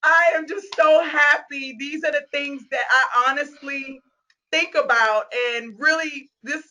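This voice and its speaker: High, bright, gushing woman host. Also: measured pace. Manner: gushing, excitable, laughs often, close to tears. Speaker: host of a virtual meet-and-greet. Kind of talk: casual video-call chat. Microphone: video call.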